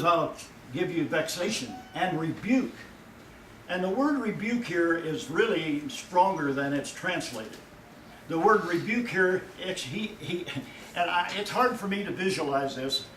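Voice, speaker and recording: A male pastor preaching a sermon in a folksy way, his voice rising and loud whenever he quotes God. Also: fairly high pitch, expressive, moderate pace, slight background noise. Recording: echoey room from far off.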